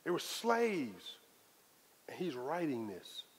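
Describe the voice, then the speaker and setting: A man preaching a sermon as pastor, in a lively, conversational style full of casual Southern phrasing. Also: a little high, slow, a little hiss or hum. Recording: long hall reverb.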